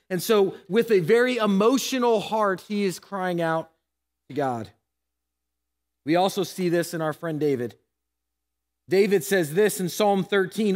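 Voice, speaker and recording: A married man preaching a sermon as pastor, earnest and emotional, asking his listeners hard rhetorical questions. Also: sits high. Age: adult, married. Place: church sanctuary. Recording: long church hall reverb.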